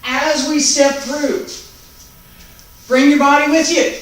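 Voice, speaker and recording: A man teaching a taiji class online, calmly calling out each movement, breath and count step by step. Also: extremely high pitch. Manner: calm, unhurried step-by-step cueing and counting. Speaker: taiji instructor. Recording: very echoey room, mic far off, faint background noise.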